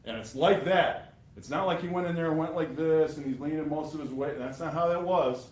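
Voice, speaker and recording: A man delivers a prosecutor's closing argument with pointed sarcasm and emphatic repetition. His voice sits a little high for a man. The sound carries the roomy echo of a courtroom. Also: a little fast. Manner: emphatic and sarcastic, addressing jurors.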